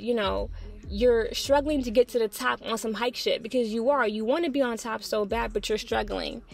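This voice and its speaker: Gravelly-voiced woman ranting about celebs, blunt and swearing a lot, kinda high voice. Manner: blunt, profane and exasperated. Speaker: pop culture commentator. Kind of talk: opinionated solo commentary.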